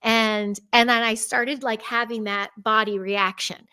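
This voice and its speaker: A middle-aged woman from the Chicago area shares personal stories as a podcast guest. She speaks in a fairly high, lively voice and laughs often. Her voice sounds dry and close. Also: unhurried, clean tone, dry recording. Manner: animated, laughs often, acts out her own past words in a bright high voice. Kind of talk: personal storytelling in a conversational interview.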